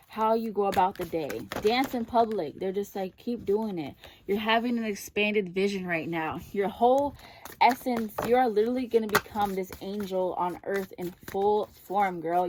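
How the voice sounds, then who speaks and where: A woman giving a casual personal tarot reading, chatty and effusive, often calling her listener "girl". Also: mid-range voice. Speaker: tarot card reader.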